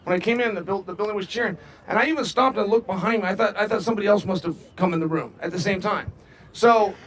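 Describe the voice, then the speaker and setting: A man's voice: sits high, fast talker, a bit bright. A man at an outdoor fight workout, chatting to the press and trading boastful, rhyming taunts. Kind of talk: trash-talking press chat.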